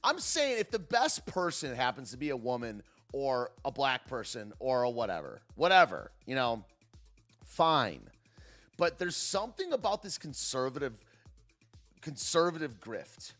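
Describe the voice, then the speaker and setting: A man's voice: fairly high pitch, big pitch swings, a little slow, fairly bright tone, soft background music. A man hosting a live stream, ranting casually in a sarcastic, wry way and talking to his chat. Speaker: livestream host.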